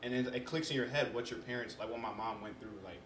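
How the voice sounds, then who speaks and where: A young man in casual conversation as a podcast guest, telling stories in an animated way and acting out what people said. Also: mid-range voice, fast, slight background noise. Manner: animated storyteller who acts out quotes. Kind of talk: casual chat. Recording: roomy echo.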